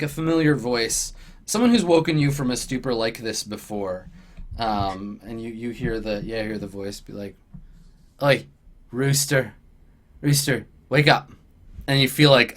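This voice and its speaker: A man's voice: mid-range voice, expressive, moderate pace. A man running a tabletop role-playing game in a casual, easygoing way. He talks loosely, with plenty of fillers and the odd laugh. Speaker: game master.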